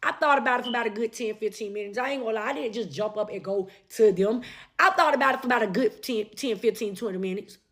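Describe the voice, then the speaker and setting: A young woman tells a story in a casual, profane way. She is animated and repeats lines for emphasis. Her voice sits fairly high. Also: fast.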